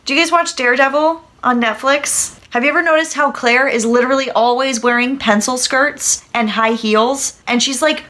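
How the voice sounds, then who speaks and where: A woman's voice: high voice, fairly bright tone. Giggly woman hosting a vlog. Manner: chatty and giggly, trying out accents. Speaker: channel host. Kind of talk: casual explainer vlog on acting.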